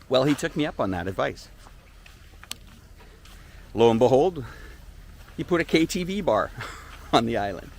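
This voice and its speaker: A man's voice: mid-range voice, moderate pace, long pauses. Chatty man touring a beach resort. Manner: chatty, animated storytelling. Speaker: vlogger host. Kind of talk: live-stream tour commentary.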